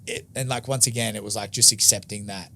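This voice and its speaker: Australian man guesting on a podcast, lowish voice, casual rambling storyteller who acts out dialogue, faint background noise. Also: steady tone, fast, sharp tone. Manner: rambling, lots of filler "like", swears, acts out dialogue. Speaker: interview guest.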